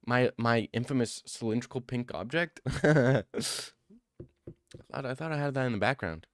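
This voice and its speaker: Young male streamer, teasing and defensive, average pitch, dead-dry sound. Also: normal speed, dry recording. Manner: defensive, joking replies to chat, says bro a lot. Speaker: livestreamer reading chat. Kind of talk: casual livestream chat.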